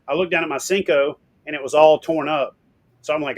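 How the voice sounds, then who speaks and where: A middle-aged man tells stories as an interview guest in a fairly high voice. He talks in an animated way, swears casually and loudly acts out what people said. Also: a little fast.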